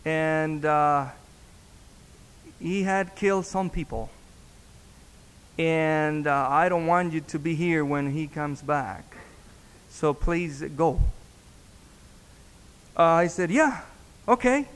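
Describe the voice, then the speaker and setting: A man, a pastor, telling a story in a sermon, halting and repeating words as he acts out the dialogue. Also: fairly high pitch, fairly even intonation, smooth. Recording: long reverb in a hall.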